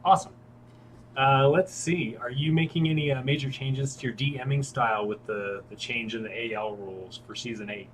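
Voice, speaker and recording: A man's voice: mid-range voice, steady tone, normal speed, a bit bright, slight background noise, poor audio. A man in a casual interview, asking conversational follow-up questions in an upbeat way.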